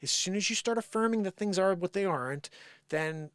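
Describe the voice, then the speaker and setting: A man hosting a live show, ranting in an animated, sarcastic opinion monologue. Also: high-pitched, a little fast, clean tone, dry recording.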